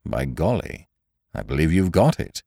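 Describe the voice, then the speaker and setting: A man's voice: a bass voice, sing-song, normal speed, mellow, no room sound, studio quality, full character voice. A man voicing a sulky, peevish middle-aged doctor who grumbles his lines. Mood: gruff. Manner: gruff, grumbling.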